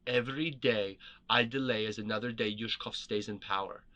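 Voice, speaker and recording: A man's voice: on the low side, fairly even intonation, normal speed, sharp tone, muffled recording. A man voicing a young exiled queen in a storybook reading, guarded and determined, speaking in a firm, urgent way.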